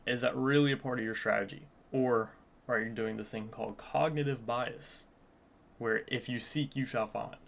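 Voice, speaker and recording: A man's voice: medium pitch, steady tone, moderate pace, gravelly, a bit bright. A young man talking through his day trading in an earnest, reflective vlog, coaching himself and the viewer and repeating phrases for emphasis. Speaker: day trader vlogger.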